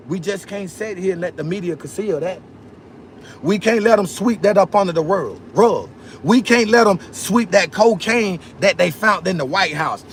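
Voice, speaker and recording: Brief: fiery male livestream host, preachy and repetitive, voice a bit high, faint ambient noise behind. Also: moderate pace. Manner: fiery, preachy, repeats phrases, calls out to viewers. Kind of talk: political livestream rant.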